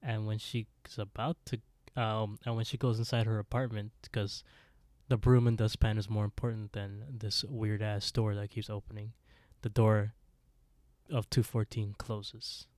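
A man with a lowish voice co-hosts a casual podcast recap. He talks slowly and easily, with dry little asides. The sound is close and dry. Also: level tone, darkish tone, dry recording. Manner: laid-back, easily amused, dry asides. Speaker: podcast co-host.

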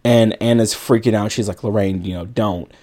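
Casual man recapping a movie, lowish voice. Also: steady tone, moderate pace, dark tone. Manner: rambling retelling with many likes and you-knows. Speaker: podcast co-host.

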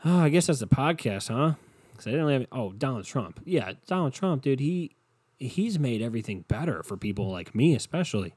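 A man's voice: mid-range voice, animated, fairly quick, a little mellow, breathy edge, dry recording. A young adult man hosting his own podcast alone, rambling casually with profanity and sarcasm and acting out quoted voices, sounding worn out. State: tired, worn out. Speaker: solo podcast host.

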